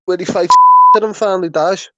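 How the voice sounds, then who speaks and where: A man's voice: sits high, steady tone, normal speed, dull audio, very noisy. A young man with a Scouse accent hosting a podcast, asking the questions and keeping the jokes going. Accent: Liverpool Scouse. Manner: steers the talk, asks the questions, jokey. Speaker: podcast host. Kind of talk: casual podcast chat.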